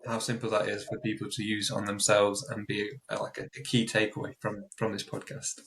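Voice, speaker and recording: A man hosting a podcast interview, calmly summarizing and reflecting back. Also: fairly low pitch, brisk, slight background noise, poor audio. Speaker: podcast host.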